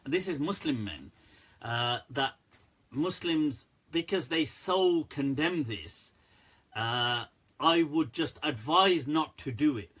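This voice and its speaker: A husky-voiced man answers viewer questions on a live stream, bright and forceful in tone. He talks candidly and with animation, often breaking into laughter. His pitch sits a little high for a man. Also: animated, slow.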